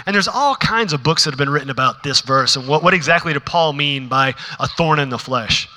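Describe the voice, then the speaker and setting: A man preaching a sermon to a congregation in a church, shifting between hushed, intimate asides and rising, emphatic passages. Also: a little high, brisk. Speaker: pastor. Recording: long reverb of a large hall.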